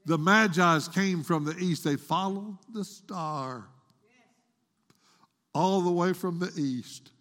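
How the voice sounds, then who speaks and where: A male preacher delivers a sermon at an unhurried, drawn-out pace. His voice sits a little high and sounds bright and ringing. He swings into a dramatic, pleading delivery, and long reverb trails behind him in a church hall. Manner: dramatic, voices the quoted woman in a raised pleading tone.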